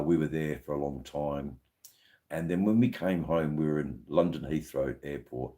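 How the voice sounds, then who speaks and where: A man's voice: a bass voice, darkish tone. An Australian man hosting a live stream, chatting casually with viewers in a rambling way full of fillers and restarts. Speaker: livestream host.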